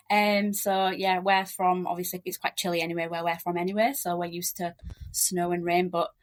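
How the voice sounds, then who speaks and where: A middle-aged woman from Leeds with a strong Yorkshire accent, chatting quickly and cheerfully as a podcast guest. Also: on the low side, level tone. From Leeds, West Yorkshire, England. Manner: quick-talking, chatty, laughs often. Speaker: podcast guest, relocation agent. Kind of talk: casual interview chat.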